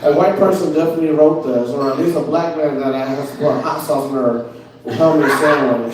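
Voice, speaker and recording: A man doing self-deprecating stand-up stories at an open mic. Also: fairly high pitch. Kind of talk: stand-up set. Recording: echoey room from far off, loud crowd.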